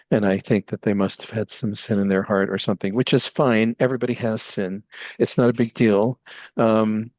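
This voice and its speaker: A man's voice: on the low side, a little mellow, dry recording, close to an everyday voice. A man voicing an odd, naive and devout woman in a tabletop game, talking earnestly and rambling with many ums. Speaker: player.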